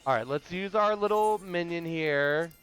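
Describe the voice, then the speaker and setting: A man's voice: fairly high pitch, a little slow, a bit bright, clean tone. A man streaming a game, chatting casually and gushing emotionally to his viewers, calling them darlings. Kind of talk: casual let's-play commentary. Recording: muffled lo-fi with faint game music.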